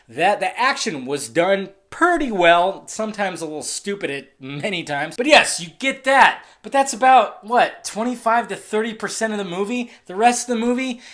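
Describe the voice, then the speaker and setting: Profane, excitable young film reviewer. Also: mid-range voice. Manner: profane and excitable, swinging from muttering to shouting. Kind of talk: casual ranting film review.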